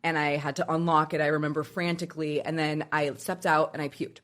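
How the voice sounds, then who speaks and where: A woman's voice: deep voice, flat delivery, a bit bright. Woman retelling a tense memory. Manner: breathless, halting retelling with many "like" fillers. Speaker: interviewee recounting a childhood experience. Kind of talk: emotional personal storytelling.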